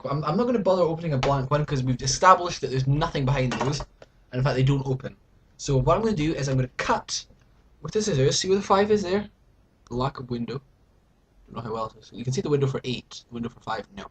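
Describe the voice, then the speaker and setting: A young British man chats to his camera at home, his voice leaping up and down as he rambles and mocks himself in a playfully dramatic way. A faint hiss runs under his talk. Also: a little high. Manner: rambling, self-mocking and mock-dramatic. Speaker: vlogger. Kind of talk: casual chat to camera.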